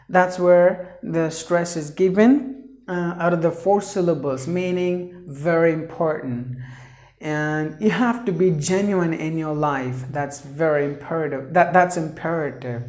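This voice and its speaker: A male English teacher gives a pronunciation lesson at an unhurried pace, sounding each word out syllable by syllable and repeating it for emphasis. His tone is mellow and dark, and the voice rings in a roomy, echoey space. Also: a little high. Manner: slow, deliberate, breaks words into syllables; repeats words for emphasis, many fillers.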